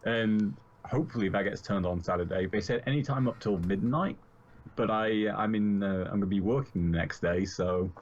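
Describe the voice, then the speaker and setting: A man's voice: fairly low pitch, moderate pace. A man on a podcast as a guest, chatting casually over a video call, laughing often and adding dry asides. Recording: lo-fi internet call.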